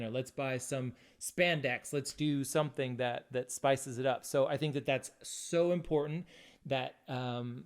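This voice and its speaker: A man's voice: mid-range voice, normal speed, smooth. A man about fifty chatting casually with his husband, making dry, teasing remarks. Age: 50s. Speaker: podcast co-host. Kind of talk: casual chat with spouse.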